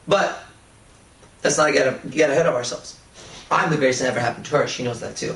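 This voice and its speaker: A man's voice: medium pitch, quick pace, a bit bright. A man giving a dating-coach lecture, telling stories in a brash, swaggering way and swearing casually. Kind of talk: lecture with anecdotes. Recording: roomy echo, voice from a distance.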